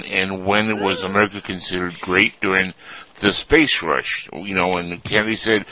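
A man with a sore throat co-hosting a radio talk show, giving his opinion in a drawn-out, emphatic way. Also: sits low, fairly even intonation, sharp tone, low-quality recording.

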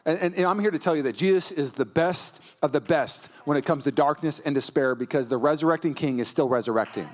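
A male pastor delivering a sermon in a church, moving from quiet storytelling to loud, impassioned preaching. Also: a little high, fast, few pauses.

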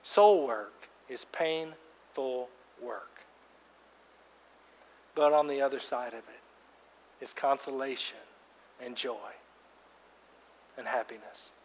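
A man preaching a sermon as pastor, emphatic, swinging between loud outbursts and hushed words. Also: medium pitch, slow, long pauses. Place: church sanctuary. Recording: long reverb of a large church hall.

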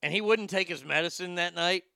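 Man, stand-up storyteller, animated and profane, slightly high voice. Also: brisk, creaky, smooth, no room sound, clean studio sound. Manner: animated, profane, acts out other people's lines. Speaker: stand-up comedian.

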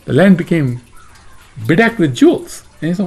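A man's voice: fairly high pitch, expressive, fast. A man teaching a devotional scripture class, retelling the story in a chatty way and often asking "right?". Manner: chatty, keeps asking "right?" and "you know what I mean?".

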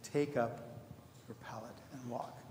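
A man, a deacon, preaching a sermon in a measured, reflective way with slow emphatic pauses. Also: mid-range voice, fairly even intonation, darkish tone, slight background noise. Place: church sanctuary. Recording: echoey church hall, faint ambience.

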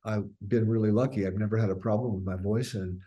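A man's voice: on the low side, steady tone, fast talker, mellow, lo-fi sound. An older man, a singer, chatting casually in an interview, rambling and restarting often as he tells stories.

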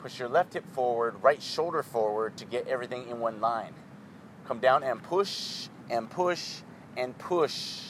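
A man leading a yoga class, giving calm, rhythmic, clipped instructions. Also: mid-range voice, measured pace, slight background noise, poor audio.

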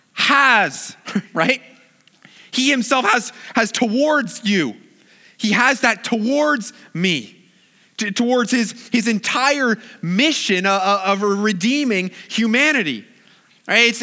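An enthusiastic male preacher delivers a sermon in a high voice. He stumbles and repeats words as he goes, and he keeps checking in with his listeners by asking "right?" His tone is bright and ringing.

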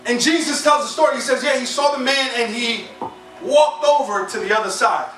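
High-voiced preacher, echoing from afar. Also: male voice, moderate pace, fairly bright tone. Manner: conversational, humorous storytelling with call-and-response. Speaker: pastor. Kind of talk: sermon. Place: church sanctuary. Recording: echoey hall from far off, with music.

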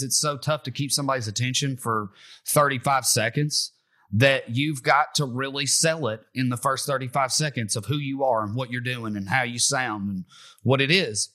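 A man's voice: mid-range voice, bright, forceful tone. A man appearing as a guest on a podcast, speaking in an earnest, reflective way during casual conversation.

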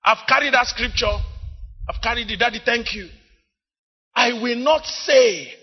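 A man with a Nigerian English accent preaching an impassioned sermon, often rising to shouts and stretching words out. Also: very high voice, measured pace, husky. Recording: dull lo-fi recording.

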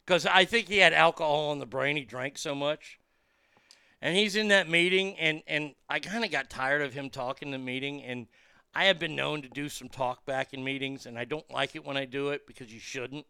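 Comedian guy swearing thru a story, kinda high voice, crisp and clear. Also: normal speed, no room sound, studio quality. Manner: animated, profane, lots of fillers and restarts. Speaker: comedian and podcast guest. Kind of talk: casual storytelling.

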